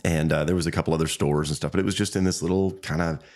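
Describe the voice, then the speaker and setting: This man, a fly shop owner on a podcast, rambles through casual stories very fast, restarting often and changing pitch to quote people. His intonation is fairly even and his voice a little mellow.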